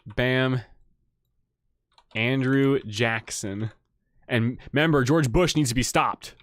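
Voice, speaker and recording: A man hosting a livestream, reading a story aloud and breaking off to react. He gets excitable, repeating words as he goes. His voice sits mid-range on a dry, close desk mic. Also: medium pitch, slow, pauses often, no echo. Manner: excitable, laughing and tripping over words. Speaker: livestream host.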